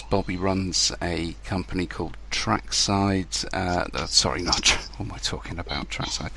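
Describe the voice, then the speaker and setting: A man's voice: deep voice, vocal fry, fairly bright tone. A man hosting a casual podcast, chatty and loose, swearing now and then. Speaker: podcast host.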